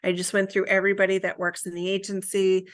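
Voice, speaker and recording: A woman's voice: mid-range voice, monotone, fast. A woman teaching a counselor training in a conversational way, often checking in with "right?" and acting out sample lines a counselor and a client might say. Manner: conversational, tags statements with "right?". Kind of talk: recorded training lecture.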